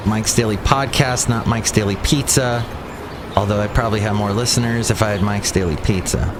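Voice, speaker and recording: A man's voice: fairly low pitch, moderate pace, background noise. A man hosting his own comedy podcast, sarcastic and rambling, with a self-deprecating edge. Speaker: podcast host. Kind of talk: solo comedy podcast monologue.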